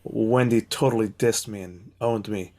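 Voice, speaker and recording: A man's voice: fairly low pitch, steady tone, a little slow, warm tone. A man playing a tabletop game, talking with breezy, joking bravado. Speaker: player.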